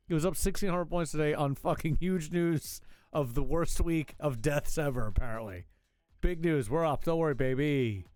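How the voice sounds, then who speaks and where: A man's voice: on the high side, normal speed, darkish tone, no echo, faint music behind. A man hosting a live call-in talk show, riffing on news headlines with sarcastic, profane, mocking asides. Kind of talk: casual comedic news riff.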